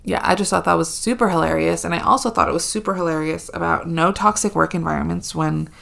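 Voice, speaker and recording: A young woman hosting a casual solo podcast, sarcastic and animated, swearing freely as she rants. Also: fairly low pitch, fast, gravelly. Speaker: podcast host.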